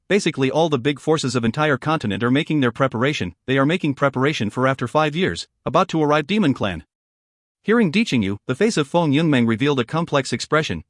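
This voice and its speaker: A man narrating a fantasy audiobook in a steady storytelling way, recorded on a close mic in a studio. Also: a little high, no echo.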